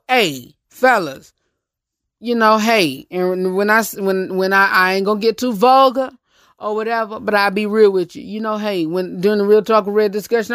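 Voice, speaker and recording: A man's voice: sits high, a bit bright, smooth, no room sound, studio quality. A man with a Southern US accent hosting a casual talk segment, speaking bluntly and rambling with many restarts. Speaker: host.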